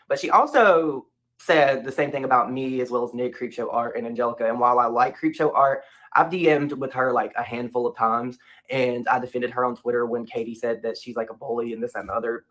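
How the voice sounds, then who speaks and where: A man's voice: medium pitch, steady tone, a little fast, fairly bright tone. A man speaking off the cuff as a commentary YouTuber, emphatic and repeating his points. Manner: casual, emphatic, repeats himself.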